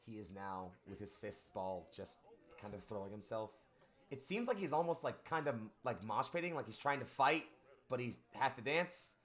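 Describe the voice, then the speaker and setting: A man narrating a tabletop role-playing game as game master, descriptive and animated. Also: medium pitch, moderate pace.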